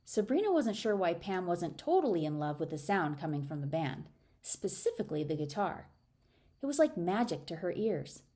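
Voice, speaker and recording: Woman narrator, low mellow voice, expressive audiobook reading. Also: moderate pace. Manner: expressive, raises pitch for dialogue.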